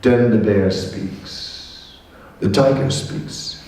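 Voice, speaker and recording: A man, a monk giving a scripture class, telling a fable in an animated way with chatty asides. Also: lowish voice, extremely slow. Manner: animated storyteller, acts out voices, chatty asides. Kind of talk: lecture storytelling. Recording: echoey hall from far off.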